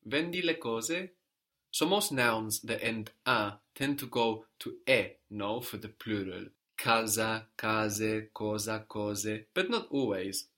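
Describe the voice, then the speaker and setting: A man's voice: fairly low pitch, slow, pushed and bright. Patient man teaching a language lesson. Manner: patient, encouraging, explains step by step.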